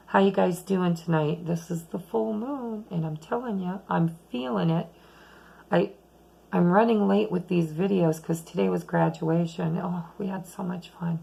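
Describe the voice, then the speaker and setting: Gravelly-voiced woman giving a tarot reading. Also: fairly low pitch, rough recording. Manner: chatty, rambling, talks softly at times. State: losing her voice. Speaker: tarot reader. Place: home late at night.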